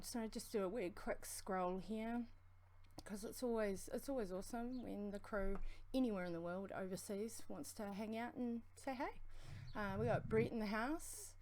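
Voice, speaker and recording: A woman with a strong New Zealand accent co-hosting a livestream, talking fast in a rambling, friendly way. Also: mid-range voice, slight background noise. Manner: fast, rambling, affectionate shout-outs. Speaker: co-host of a vaping livestream. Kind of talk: casual livestream chat.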